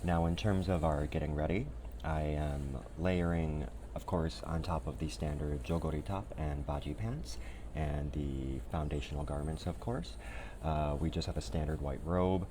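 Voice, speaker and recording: A man's voice: a bass voice, steady tone, normal speed, noisy background. A man vlogging as he sews and puts on historical Korean clothing, chatting casually with self-deprecating humor. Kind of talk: casual chat to camera.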